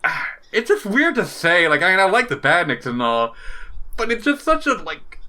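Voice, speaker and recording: A man's voice: high-pitched, big pitch swings, moderate pace, pushed and bright. A man co-hosting a podcast in casual chat, rambling with lots of "like" fillers, swearing and laughing often. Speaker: podcast co-host.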